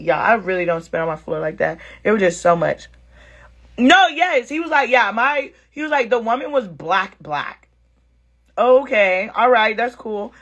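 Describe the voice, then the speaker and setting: A woman vlogger with a mid-range, slightly rough voice does a casual storytime to camera at home about a date. Animated and slangy, she acts out each side of the conversation and calls viewers "girl" and "sis."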